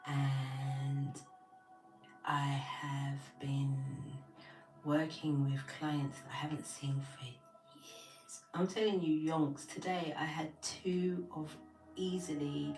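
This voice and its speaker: A woman, hosting a tarot live stream and chatting casually with viewers while she tells a long story. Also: low voice. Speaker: tarot reader and host. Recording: echoey room from a distance with faint music.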